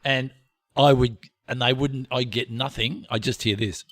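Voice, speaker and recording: A man's voice: medium pitch, fairly even intonation, normal speed, fairly bright tone, no room sound. A man co-hosting a podcast, trading dry quips in casual chat. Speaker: podcast co-host.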